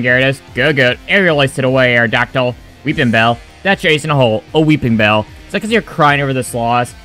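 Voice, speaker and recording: A man's voice: mid-range voice, pushed and bright. A man giving sarcastic, crude, joking commentary over his game playthrough. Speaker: gaming video creator.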